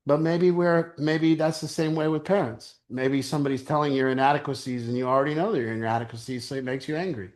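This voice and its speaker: A man's voice: a little high, steady tone, fast, hardly any pauses. A middle-aged man leading a recovery group, telling candid stories with crude humor and laughter. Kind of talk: group sharing talk.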